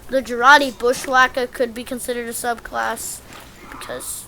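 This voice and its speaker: A woman's voice: a little high, normal speed, a little hiss or hum, poor audio. A woman giving casual, rambling gameplay commentary as she walks through a game guide, often poking fun at herself. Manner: rambling, self-deprecating, easily excited.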